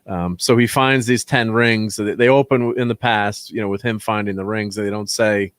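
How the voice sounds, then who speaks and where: A host rambles and laughs often while leading a casual movie review chat. His fairly low, fairly evenly intoned voice moves at normal speed and sounds fairly bright, clear, and resonant, captured in a dry, clean studio recording.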